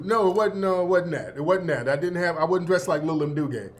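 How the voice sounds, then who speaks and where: Male host in his fifties, high voice, laid-back slangy storyteller who laughs a lot. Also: normal speed. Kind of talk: casual storytelling.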